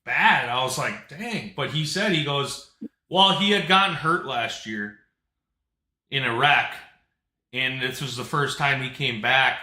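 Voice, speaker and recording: A man's voice: mid-range voice, a little slow, pushed and bright, roomy sound. A man hosting a live talk show, telling stories in a blunt, emphatic way. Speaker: host.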